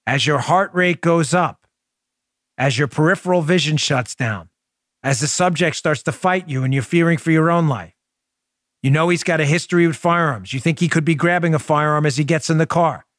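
A forceful man in his forties speaks with a Queens, New York accent. His voice sits a bit high and comes across dry and close on a studio microphone. He drives his political commentary with loud emphasis and pointed rhetorical questions. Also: moderate pace, dry recording. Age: 40s. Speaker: podcast host.

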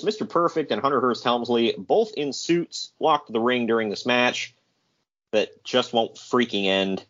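A man's voice: mid-range voice, a bit bright. A man co-hosting a podcast, recapping in a casual, sarcastic way and laughing often. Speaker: podcast co-host. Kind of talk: casual wrestling recap commentary. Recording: dull lo-fi podcast audio.

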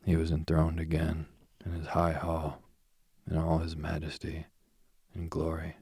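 A man reading an old myth aloud, soft and husky, often dropping to a whisper. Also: a bass voice, completely flat delivery, unhurried, no echo, studio quality. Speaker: storyteller.

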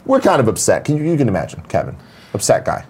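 Young man, co-host, rapid storytelling, mimics other people's voices, casual chat. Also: lowish voice, wildly swooping pitch, darkish tone, breathy edge. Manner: acts out quoted dialogue in shifting voices. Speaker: morning show co-host.

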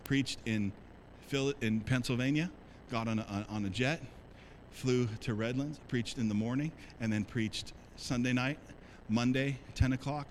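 Male pastor, storytelling sermon, mid-pitched voice, faint background noise. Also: low-quality recording. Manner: animated, conversational, talks to congregation. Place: church sanctuary.

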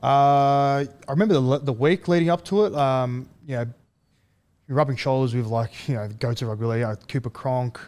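This is a young man in a casual interview. He tells his stories in a loose, halting way, full of fillers and restarts, and his voice sits at an ordinary middle pitch. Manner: relaxed, halting, many fillers and restarts, laughs through stories. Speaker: interview guest, rugby league player.

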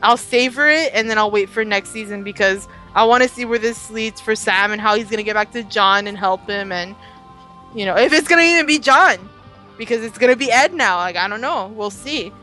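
A young woman co-hosting a podcast, chatting casually about a TV episode, swearing freely and throwing in quick asides. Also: a little high, sharp tone, soft background music, poor audio. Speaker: podcast co-host. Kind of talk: casual chat.

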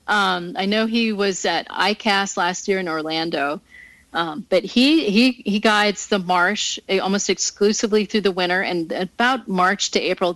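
A woman's voice: fairly low pitch, fairly bright tone, no echo, poor audio. A woman talking casually as a guest, telling fishing stories with frequent laughter. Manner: chatty, laughs often, storytelling. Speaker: guest angler. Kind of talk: casual interview chat.

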